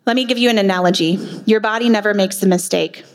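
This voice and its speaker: A woman's voice: mid-range voice, quick pace. A woman nurse practitioner giving a passionate faith-based talk at a women's retreat, with emphatic rhetorical questions. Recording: long hall reverb.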